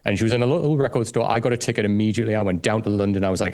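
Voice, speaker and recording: A man, a guest on a chat show, telling an excitable, gushing story in casual conversation and swearing freely. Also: fairly low pitch, racing. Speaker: guest, music reaction video creator.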